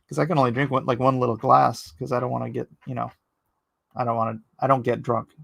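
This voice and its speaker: A man's voice: mid-range voice, moderate pace, creaky, husky, no echo. A man chatting casually with his viewers while he inks a drawing live, rambling and joking as he answers the chat. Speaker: artist streaming live while inking.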